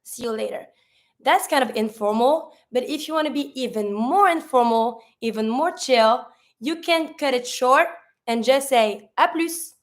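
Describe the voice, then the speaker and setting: A woman's voice: high-pitched, measured pace. Chatty woman teaching French greetings. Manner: chatty, asks and answers own questions; sprinkles fillers like "like".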